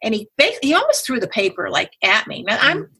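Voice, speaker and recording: A woman guest in a relaxed interview, speaking in a bright, forward voice with a husky edge. She tells her story with animation, and her voice leaps up whenever she acts out what people said. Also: brisk, poor audio. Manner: animated, acts out quoted dialogue with big pitch jumps. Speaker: guest, patient advocate.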